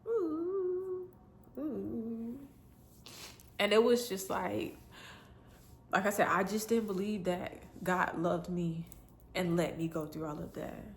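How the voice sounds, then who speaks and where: A woman's voice: fairly low pitch, little pitch movement, unhurried, slight background noise. A woman telling an emotional personal faith story to her viewers in an earnest, repetitive way. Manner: earnest, repetitive, breaks into tears and laughs. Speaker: faith vlogger.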